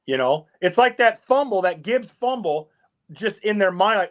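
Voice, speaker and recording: A man's voice: high voice, animated, normal speed. A man co-hosting a sports talk show, blunt and fired up, citing stats. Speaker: podcast co-host. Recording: dull lo-fi audio.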